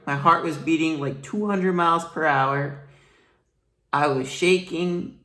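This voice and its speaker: This is a vlogger's personal commentary monologue. The voice sits at a middling pitch. It rambles and sounds blunt and upset, with swearing now and then. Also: fairly bright tone.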